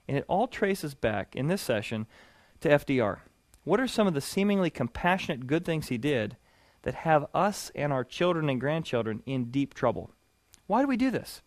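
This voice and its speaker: A man teaching a sermon-style session, telling stories with lively animation that builds to loud punchlines. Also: medium pitch, normal speed, no room sound. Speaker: preacher teaching a series.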